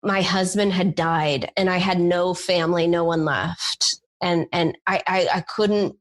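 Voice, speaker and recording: Woman, somewhat low voice, emotional, candid, rambling storytelling. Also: steady tone, measured pace. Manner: emotional, candid, lots of "like" fillers. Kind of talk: personal storytelling.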